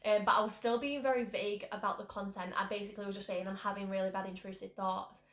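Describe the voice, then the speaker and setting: A woman's voice: mid-range voice, level tone, fast, fairly bright tone. A young woman from the UK candidly recounting a personal story, rambling with many fillers. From United Kingdom. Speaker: mental health vlogger. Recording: roomy echo.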